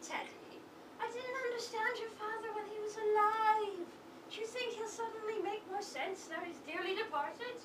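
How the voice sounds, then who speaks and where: A woman's voice: very high voice, normal speed. A woman playing a wry, gin-loving older mother with a voice in an improvised stage comedy, making dry, cutting remarks. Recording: echoey live stage from far off, noisy.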